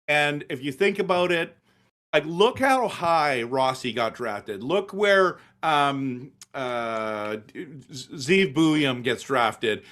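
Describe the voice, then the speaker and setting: A man's voice: fairly high pitch, expressive, slow pace, a bit bright. A middle-aged man, ranting passionately about hockey in a casual sports chat. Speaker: hockey show host.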